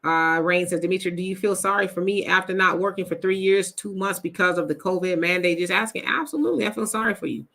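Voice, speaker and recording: A woman's voice: on the low side, quick pace, creaky, few pauses, sharp tone. A woman hosting a live stream, reading viewer comments aloud and answering them in a chatty, casual way. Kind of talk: casual livestream chat.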